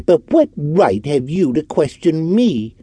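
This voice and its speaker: A man's voice: fairly high pitch, big pitch swings, slow pace, dark tone, slightly rough, no room sound, pitched above the performer's own voice, full character voice. A man voicing a sullen, cowardly man who turns sarcastic and frightened in an audiobook. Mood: sneering.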